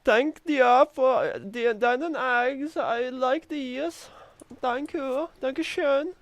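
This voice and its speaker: A man's voice: extremely high pitch, extremely slow, dry recording, pitched above the performer's own voice, heavily acted. A man voicing a silly, polite German cook who begs for eggs in a put-on German accent. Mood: pleading polite. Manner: exaggerated, pleading, polite.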